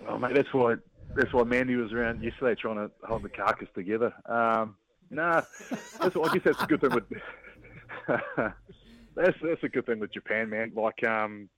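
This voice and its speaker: A man with a New Zealand accent, a guest calling in, talking in a relaxed, halting way with lots of fillers. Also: medium pitch. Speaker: phone-in guest. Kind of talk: casual interview. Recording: muffled phone-line audio.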